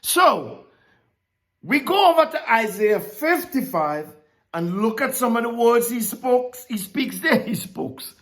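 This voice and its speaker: A woman preaching a sermon, teaching from scripture in a slow, emphatic way. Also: a little high, very animated. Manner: emphatic, rising and dropping sharply, slow deliberate preaching.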